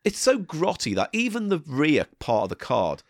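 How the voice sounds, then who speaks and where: A man co-hosting a podcast, chatting casually and jumping into high playful sound effects. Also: huge pitch swings, normal speed, dry recording, clean studio sound. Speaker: podcast co-host. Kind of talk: casual banter.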